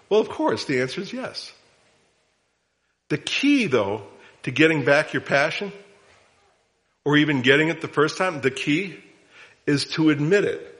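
A middle-aged man preaching a sermon, his voice sitting at an ordinary pitch. He teaches in a conversational way, slipping in humor and lively swings of emphasis. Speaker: pastor.

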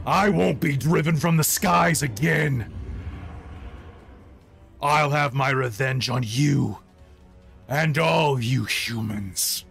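A man's voice: mid-range voice, takes it slowly, creaky, long pauses, a bit bright, faint music behind. A man voicing a huge, vengeful undead female death dragon, roaring his threats.

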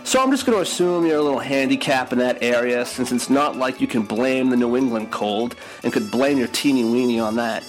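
A man's voice: mid-range voice, a little fast, few pauses, soft background music, rough recording. A man reading a scripted comedic news segment with wry, mocking punchlines.

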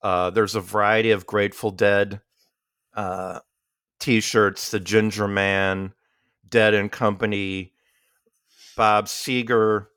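Slow, low-voiced man in casual banter. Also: little pitch movement, a bit bright, smooth, no room sound, clean studio sound. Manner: rambling with restarts and fillers. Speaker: podcast co-host. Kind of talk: casual chat.

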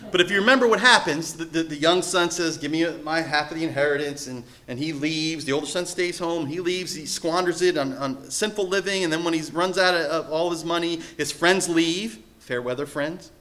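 A man preaching a sermon as pastor, telling a story in an animated way. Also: fairly high pitch, normal speed, hardly any pauses. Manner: animated storytelling, acting out quoted voices.

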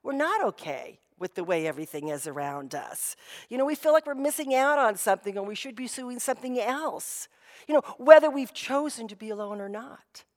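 Woman pastor, sermon, chatty storytelling, fairly high voice, long hall reverb. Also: lively intonation, fairly quick. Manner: conversational storytelling with frequent "you know".

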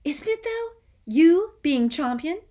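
An eager schoolboy pipes up in a squeaky, breathless rush, pitched far above an ordinary speaking voice. He sounds keen and anxious to please. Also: very animated, measured pace. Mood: excited. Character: eager excitable schoolboy fan. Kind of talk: audiobook character voice.

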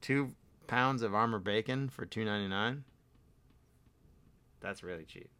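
A man's voice: on the low side, unhurried, bright, forceful tone, clean tone. A man co-hosting a casual podcast, reading old newspaper ads aloud and joking about them. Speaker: podcast co-host. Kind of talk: casual chat.

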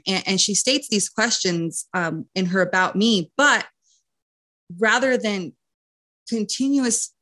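A woman's voice: on the low side, fairly bright tone. A woman hosting a self-love podcast, speaking in an enthusiastic, affirming way. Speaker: podcast host. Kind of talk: podcast interview and guided affirmations.

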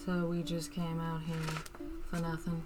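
Blunt woman player, lowish voice, music behind. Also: monotone, unhurried. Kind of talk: casual tabletop play.

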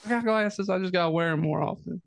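A man's voice: high-pitched, fast talker, creaky. A man co-hosting a podcast in a taproom, rambling through crude casual banter with heavy swearing and frequent laughter. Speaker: podcast co-host.

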